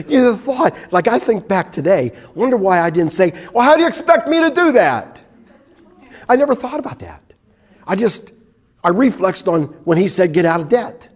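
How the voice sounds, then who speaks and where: Older guy doing a church testimony, husky voice, bouncy up and down delivery, laughs at himself. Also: sits high. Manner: storytelling, acts out quotes, laughs at himself. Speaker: church member giving testimony.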